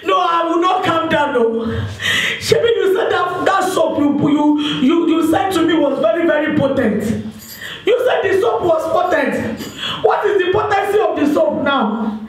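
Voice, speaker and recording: Woman acting frustrated single Nigerian woman, high voice, pleading and shouting, church stage drama, echoey hall, distant mic. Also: animated, unhurried, pauses often. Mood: exasperated. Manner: pleading, complaining into a phone, bursts into shouting. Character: exasperated single woman desperate to marry. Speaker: stage actor.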